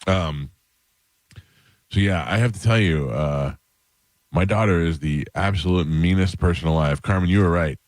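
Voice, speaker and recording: A man's voice: deep voice, moderate pace, pauses often, no room sound. A man in his forties, a radio host, telling stories about his family and acting out what everyone said. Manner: storytelling, acts out family dialogue. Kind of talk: morning radio chat. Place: dry radio studio.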